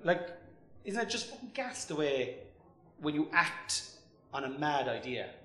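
A man's voice: on the high side, very animated, a little slow, fairly bright tone, roomy sound. An Irish man hosting a podcast, asking questions in a casual, enthusiastic way and swearing freely. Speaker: podcast host. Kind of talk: casual interview.

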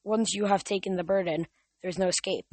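Young man reads as a sneering immortal Titan, slow and booming, in a dry storybook reading. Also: fairly even intonation, darkish tone, no room sound. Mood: gloating. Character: menacing Titan father, male, cruel and gloating.

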